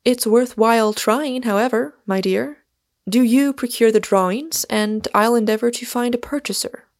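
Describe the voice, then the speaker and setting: A woman reading aloud, voicing a gentle, sensible middle-aged mother with a slow, soothing manner. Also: a little high, close to an everyday voice.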